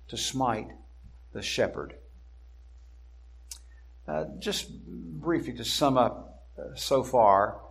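A man preaching an expository sermon, deliberate and emphatic, slowing down to stress key words. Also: mid-range voice, creaky, a bit bright.

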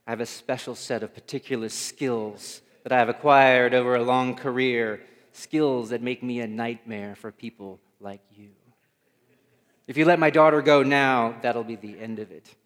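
A man doing an impression of a gruff male action-movie hero issuing a measured, menacing threat. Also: medium pitch, fairly even intonation, lightly acted. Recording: reverberant hall.

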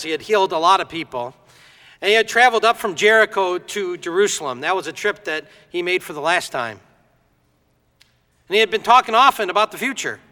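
A man preaching a sermon in a lively storytelling way, acting out the voices in his story. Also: on the high side, big-room sound. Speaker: pastor.

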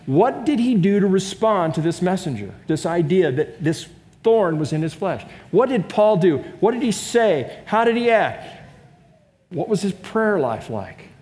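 A pastor with a high voice delivers his sermon in an easy, conversational way. He keeps turning to his listeners with questions. His words ring out with a long reverb that trails behind them. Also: sing-song, measured pace, darkish tone. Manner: conversational preaching with rhetorical questions to the congregation. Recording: long reverb of a large room.

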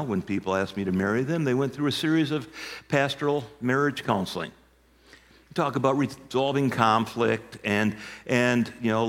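A man in his sixties, a pastor of many years, preaching a sermon and telling stories with emphatic, shouted punchlines. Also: mid-range voice. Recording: long hall reverb.

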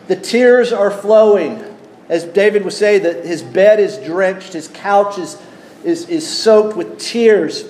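A man preaching a sermon, teaching at an unhurried pace and putting questions to his congregation. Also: sits high, darkish tone, slight background noise. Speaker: pastor.

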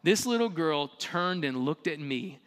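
A man in his thirties preaching a sermon, animated, building emphasis with rising phrases and casual asides. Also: on the high side, measured pace. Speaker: pastor. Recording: long reverb of a large hall.

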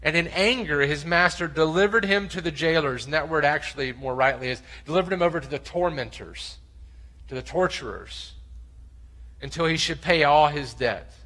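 A man's voice: a little high, normal speed, fairly bright tone, low-quality recording. A man preaching a sermon, reading scripture aloud and acting out its voices with passion. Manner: impassioned, acts out voices in scripture. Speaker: pastor.

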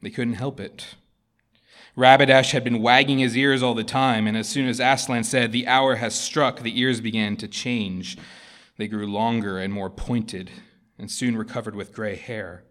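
A man, a pastor, giving a sermon and reading a story aloud with expressive delivery. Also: medium pitch, normal speed.

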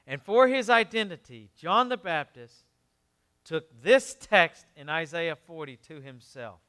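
A man preaching a sermon in a conversational way, with quick asides, moving between quiet, low passages and emphatic ones. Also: expressive, clean tone. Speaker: pastor.

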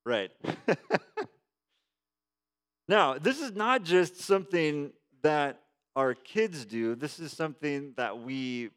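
A male pastor in his thirties preaching a sermon in a conversational, animated way, moving between quiet prayer and lively storytelling. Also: a little high, slow pace, pauses often, clean tone.

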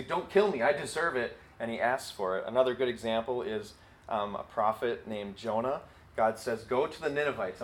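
A man teaching a sermon in a relaxed, conversational way, full of fillers like "like" and "you know". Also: lowish voice, slight background noise, poor audio. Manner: conversational, with many fillers and acted quotes. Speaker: Bible teacher.

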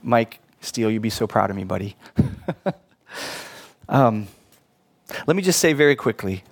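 A man's voice: lowish voice, animated, unhurried, gravelly. A middle-aged man preaching a sermon in church, earnest and pleading, with casual asides to the congregation. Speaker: pastor.

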